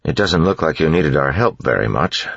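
A man's voice: a bass voice, animated, normal speed, vocal fry, a bit bright, no echo, highs cut off, exaggerated voice. A man doing a flustered young nobleman. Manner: hesitant, fumbling, politely wry. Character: awkward, bookish young nobleman.

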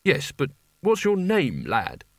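A man reading aloud plays a weary, cowardly wizard, dry and long-suffering in his wry remarks. The voice swings up and down with plenty of lively movement. The storybook recording is dry and close. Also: a little high, slow pace, no echo, exaggerated voice. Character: weary, cowardly male wizard who loves boredom.

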